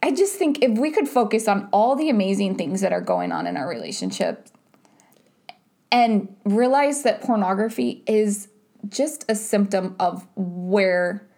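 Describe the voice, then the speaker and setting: Chatty woman, animated and rambling. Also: mid-range voice, measured pace. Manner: animated, lots of "like" and "right?". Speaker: podcast co-host. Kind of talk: casual couples chat.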